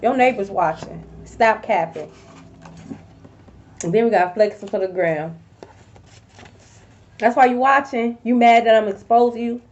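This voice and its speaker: A woman giving a casual tarot reading to viewers, blunt and profane, with sudden loud outbursts. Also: fairly high pitch, unhurried, long pauses, lo-fi sound. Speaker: tarot reader.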